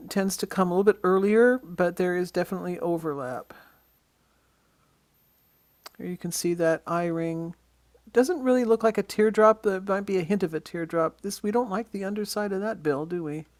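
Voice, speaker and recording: An easygoing birding instructor leads a slide-show lesson on identifying birds, with a voice of middling pitch. The talk is casual and often halts on ums and uhs while pointing out features in each photo. The sound is dry and close, with no room echo. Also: moderate pace, a little mellow. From Western Washington.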